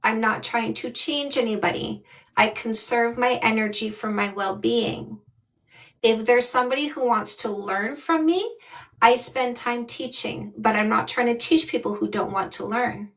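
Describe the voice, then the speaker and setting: A woman's voice: on the high side, measured pace, a bit bright, poor audio. A woman in her fifties from Canada, a dating coach giving blunt, emphatic advice on a live call. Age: 50s.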